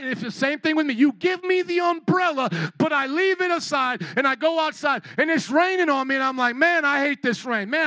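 High-voiced man preaching to a congregation. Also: sharp tone, no room sound, low-quality recording. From Chicago. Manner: preaching, urging the congregation to answer back. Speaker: pastor. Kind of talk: sermon.

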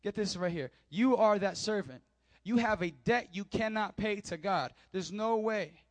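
A male pastor delivers a sermon in a notably high voice, recorded dry with no room sound. He reads scripture aloud, then drives the point home to his congregation with emphatic repetition and direct questions. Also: measured pace, no echo. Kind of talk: sermon with bible reading.

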